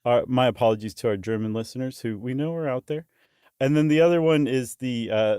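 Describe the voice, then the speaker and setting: A man's voice: mid-range voice, fairly quick, clear, resonant tone, dry recording. A man co-hosting a podcast, his voice in an ordinary middle register. He chats casually and slips into joking asides. The sound is close and dry. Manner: jokey, animated asides. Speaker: podcast co-host. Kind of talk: casual chat.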